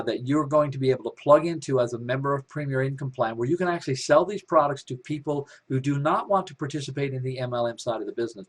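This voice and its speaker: A man presenting his company's business plan in an upbeat webinar pitch, talking with many fillers, restarts and repetitions. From Canada.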